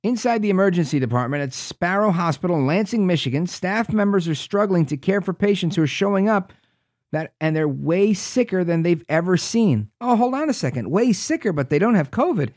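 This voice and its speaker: Man, talk radio host, sarcastic asides, slightly high voice, dry studio sound. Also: animated, fairly quick, darkish tone, no room sound. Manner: sarcastic, reads articles aloud with asides.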